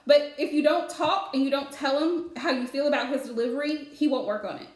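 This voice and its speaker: A psychic card reader speaks on a live stream, her voice sitting high and a little fast in a reverberant space. She gives a spiritual reading in a chatty, advice-giving way, with lots of filler words.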